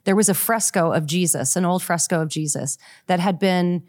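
A woman explains things in a chatty, amused manner, clearly enjoying the story she tells. Her voice sits a little lower than most women's, easy and conversational. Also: moderate pace, a little mellow. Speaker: author guest. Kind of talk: casual conversational interview.

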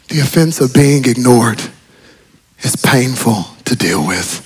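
A middle-aged man preaching a sermon as pastor, telling stories with humor and swinging from hushed tones to shouts. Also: mid-range voice, expressive, slow pace, slightly rough. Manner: humorous, storytelling. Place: large church auditorium.

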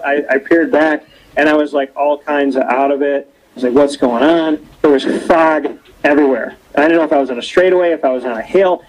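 Young male host, slightly high voice, upbeat storyteller energy. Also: poor audio. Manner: lively storyteller, animated quoting. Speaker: show host. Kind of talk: casual interview chat. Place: cold rink-side spot, outdoors or arena.

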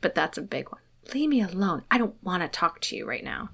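A woman in her thirties chatting casually about her toddler, with lots of filler words and lively quoting. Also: on the low side, quick pace, gravelly. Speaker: parent of a toddler. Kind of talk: casual chat.

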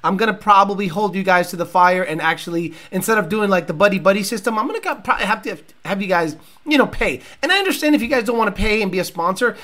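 A man hosting a casual livestream, rambling and profane, rattling off sponsor plugs and viewer names and mocking others with loud impressions. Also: high voice, animated, quick pace. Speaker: show host.

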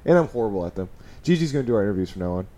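A man's voice: lowish voice, very animated, very fast, mellow. A man co-hosting a podcast, joking around and reading out viewer comments in casual chat. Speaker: podcast co-host.

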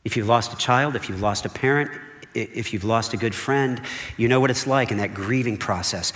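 A pastor delivers a conversational sermon in a brisk, mid-range voice that's a bit bright, frequently checking in with "okay?" and "right?". The recording has a long hall reverb.

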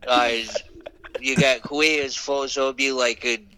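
A man's voice: medium pitch, little pitch movement, slow pace, a crowd in the background, close to an everyday voice. A man playing a brash, rambling Boston caller with a Boston accent in an improvised comedy bit. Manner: rambling, confidently clueless.

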